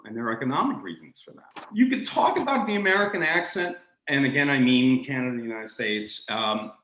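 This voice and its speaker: A male guest speaker on linguistics gives an animated, conversational lecture on the history of accents, acting out accents in quick asides. His lowish voice often restarts sentences and stammers repeats. The recording is rough, with a roomy sound.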